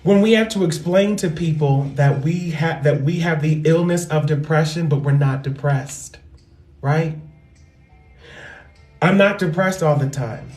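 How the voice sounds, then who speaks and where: Loud, profane woman comedian in echoey room. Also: deep voice, measured pace. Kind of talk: casual comedic monologue. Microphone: microphone. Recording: roomy echo with faint music.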